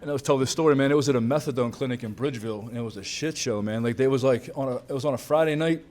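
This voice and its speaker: A man's voice: mid-range voice, racing, a little mellow. A man in his thirties or forties gives a casual, candid recovery talk at a banquet, full of "man" and "dude" and the odd swear. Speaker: banquet speaker at a recovery conference. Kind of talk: personal recovery talk to a crowd. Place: banquet hall with a crowd.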